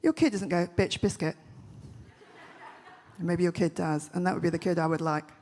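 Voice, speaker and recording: Woman, husky lower voice, comic keynote on stage, brash punchy delivery. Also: steady tone, a little mellow. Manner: brash, punchy storytelling with quick jokes. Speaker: festival speaker. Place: large event stage.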